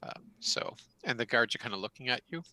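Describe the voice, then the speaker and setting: A man's voice: mid-range voice, huge pitch swings, brisk, vocal fry, pushed and bright, dry recording, poor audio. A man narrating a tabletop roleplaying game as game master, rambling with many fillers. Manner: rambling, full of fillers and restarts.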